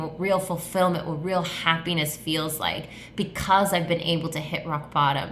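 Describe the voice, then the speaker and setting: A woman hosting a solo podcast, rambling and effusive, with "like" peppered through every sentence and the odd casual curse. Her voice is bright and forceful, pitched a little low. The room around her rings with echo. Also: a little hiss or hum. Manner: rambling, effusive, heavy use of filler "like", swears casually. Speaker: podcast host, tattoo artist and coach. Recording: echoey room.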